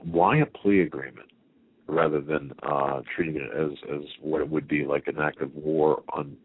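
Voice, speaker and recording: A man's voice: a bass voice, steady tone, moderate pace, slightly rough. A man hosting a talk radio conversation, emphatic and rambling, often restarting and asking rhetorical questions. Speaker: radio show host. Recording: tinny phone-line sound with faint hiss.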